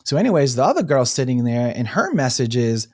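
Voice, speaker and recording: Lively storytelling man with a dry sound. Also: medium pitch, brisk, no room sound. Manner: animated storyteller, acts out quotes, laughs easily. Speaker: breathwork facilitator, guest. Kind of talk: casual storytelling interview.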